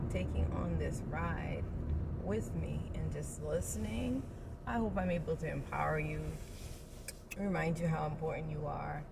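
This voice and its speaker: A woman's voice: fairly low pitch, creaky. A woman birth coach giving an encouraging, playful motivational talk and acting out little inner voices. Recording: distant mic with loud road noise.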